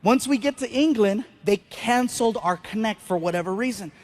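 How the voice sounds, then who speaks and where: A man doing stand-up, telling a story with animated delivery, acting out voices and shouting the punchlines. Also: high voice, moderate pace. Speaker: stand-up comedian.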